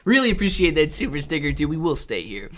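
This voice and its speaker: Animated male livestream host. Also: fairly high pitch. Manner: lively, reads chat messages aloud in playful mock voices; jokey, drawn-out teasing delivery. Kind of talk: casual livestream chat.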